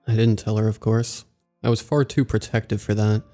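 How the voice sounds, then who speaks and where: A man narrating a scripted horror story in a slow, measured way. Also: lowish voice, flat delivery, mellow. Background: faint background music.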